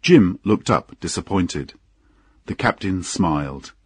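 Male audiobook narrator, husky and dry, slow measured delivery. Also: sits low, dry recording. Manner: unhurried, expressive storytelling.

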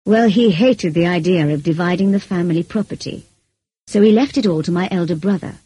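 A woman reading the lines of a brooding, passionate middle-aged gentleman in an audiobook, in an intense, pleading manner. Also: lowish voice, a little fast, breathy edge, no room sound, low-quality recording.

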